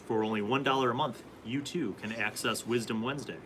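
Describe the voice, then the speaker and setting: A man's voice: medium pitch, brisk, noisy background. A man hosting a casual live stream, reading viewer comments and rambling through answers about tabletop games.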